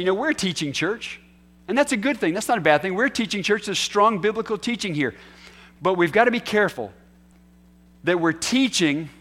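A man preaching a sermon as pastor, earnest, moving from quiet asides to emphatic declarations. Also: a little high. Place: church hall.

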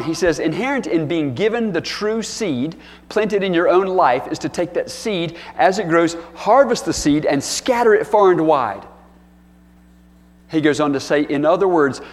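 A man's voice: on the high side, expressive, moderate pace. A man pastor preaching a sermon, telling folksy stories and acting out playful bits of dialogue. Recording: long hall reverb.

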